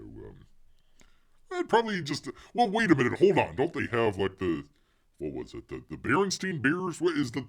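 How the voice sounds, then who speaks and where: A man hosting a casual livestream, rambling to viewers, reading the chat aloud and calling himself Bear in the third person. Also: lowish voice. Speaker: livestream host.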